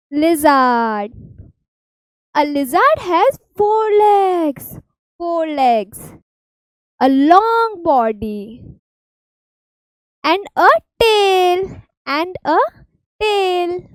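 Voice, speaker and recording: A woman with an Indian English accent teaching reptiles to small children, slowly naming each animal in a sing-song way. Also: extremely high pitch, dry recording, poor audio. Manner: slow, sing-song, stretches key words. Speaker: preschool teacher.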